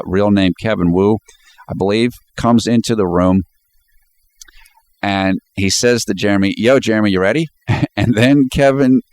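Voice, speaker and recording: A commentator with a lowish voice and no room sound walks casually through a video scene by scene. He's chatty, often chuckling as he quotes lines.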